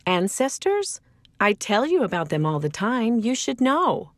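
A woman voicing a mother who tells her daughter gentle stories about a faithful ancestor. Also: fairly high pitch, very animated, a little slow, no room sound, studio quality. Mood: fond. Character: warm, faithful mother telling family stories. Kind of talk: children's magazine story reading.

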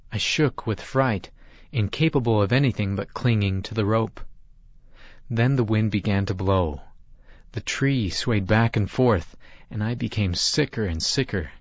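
A male storyteller reads in scripted narration, measured and reflective. His voice is on the low side. The recording is dull and dry, like lo-fi audio from a small booth. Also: dry recording.

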